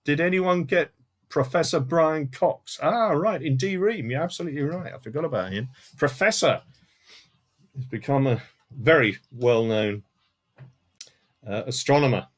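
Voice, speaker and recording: A man with a slightly high voice and lively intonation speaks at a normal pace, leaving long pauses. He hosts a live-streamed music quiz from a room at home, a CD collection behind him, reading out answers and scores. He keeps it chatty, tossing in asides and dry jokes.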